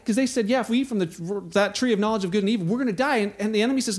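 A man's voice: extremely high pitch, racing, hardly any pauses. A pastor giving a conversational sermon, acting out the scripture he quotes with playful asides.

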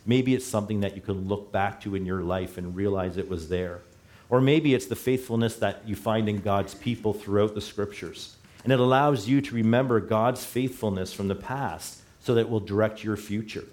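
A middle-aged man gives a sermon in a church sanctuary. His voice sits slightly low, and his delivery is casual and conversational. He often stops to correct his own wording. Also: normal speed, a little mellow. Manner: conversational, self-correcting, chuckles at slips. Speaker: pastor.

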